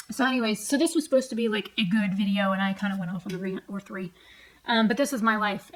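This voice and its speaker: A medium-pitched woman's voice comes through a rough recording as a vlogger in her forties rants furiously at home, sitting on a tall stool. Heavily profane and blunt, she walks through arguments line by line, quoting each exchange.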